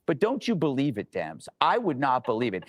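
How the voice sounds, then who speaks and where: A man delivering wry, joking political commentary in a quick patter. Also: medium pitch, huge pitch swings, no room sound. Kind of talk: opinion commentary.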